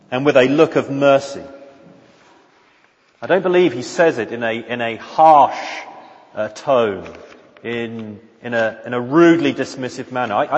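Earnest man preaching a sermon. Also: medium pitch. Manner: earnest, emphatic repetition and frequent restarts. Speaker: pastor. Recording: dull lo-fi sound with long hall reverb.

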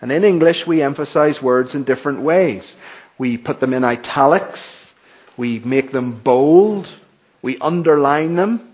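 A man preaches a sermon at a slow, deliberate pace, leaning hard on repeated words. His voice sits a little high for a man. The recording sounds dull and lo-fi. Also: husky. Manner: slow, emphatic preaching with dramatic repetition.

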